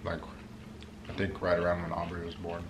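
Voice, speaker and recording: Young man, very deep voice, hesitant, echoey room with clear background noise. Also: completely flat delivery, fairly quick. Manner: hesitant, many fillers. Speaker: vlogger's husband. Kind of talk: casual chat.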